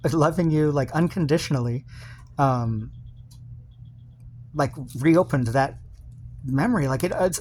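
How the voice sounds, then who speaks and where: A man records a personal video message to his partner, rambling and confessional, full of fillers and restarts. His voice is mid-range, with slight background noise.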